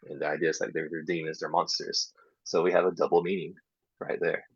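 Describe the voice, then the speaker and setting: Male workshop presenter, deep and husky, casual explainer for teachers, dull lo-fi recording. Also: level tone, fairly quick, no echo. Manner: explains step by step, drops into soft half-whispered asides. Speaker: English teacher trainer. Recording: dull lo-fi sound.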